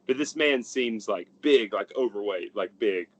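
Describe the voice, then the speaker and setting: A man's voice: on the low side, expressive, unhurried, low-quality recording. A young adult man narrating a tabletop game as game master, in a casual, rambling way full of fillers.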